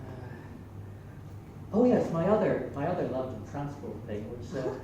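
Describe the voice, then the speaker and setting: Rambling irish comedian in an echoey room. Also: male voice, mid-range voice, expressive, measured pace, warm tone, muffled recording. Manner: rambling, self-mocking, many fillers. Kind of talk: stand-up comedy. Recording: echoey room, distant mic, faint hum.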